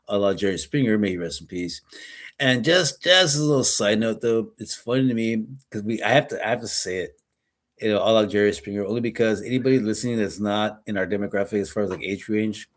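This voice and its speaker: A man co-hosting a podcast in casual chat, a rambling storyteller who repeats words and laughs often. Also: fairly low pitch. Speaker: podcast co-host.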